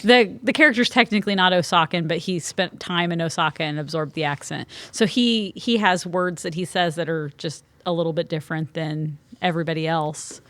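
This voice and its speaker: Female co-host from Kansas City, lowish voice, dry close sound, eager explainer. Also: fairly quick, hardly any pauses, a bit bright, no echo. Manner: explanatory, enthusiastic about anime, laughs easily. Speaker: podcast co-host. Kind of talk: casual chat.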